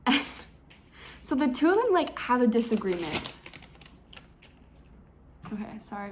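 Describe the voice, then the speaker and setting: A woman's voice: medium pitch, normal speed, long pauses, slight background noise. Chatty, sarcastic young woman reviewing books. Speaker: book reviewer. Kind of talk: casual vlog book summary.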